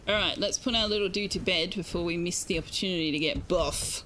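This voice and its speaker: A woman's voice: lowish voice, a little fast, few pauses, fairly bright tone, slight background noise. An Australian woman streaming a game, chatting casually with her viewers and enunciating carefully. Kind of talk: casual gaming stream chat.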